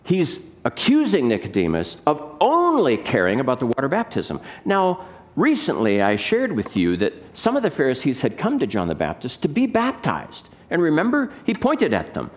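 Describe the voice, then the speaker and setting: A man's voice: medium pitch, huge pitch swings, normal speed. A man, a pastor, preaching a sermon with emphatic rhetorical questions and scripture reading.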